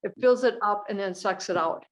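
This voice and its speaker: Older woman, video call, chatty, plain-spoken, mid pitch. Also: brisk, poor audio. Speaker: support group member. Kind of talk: casual group video call.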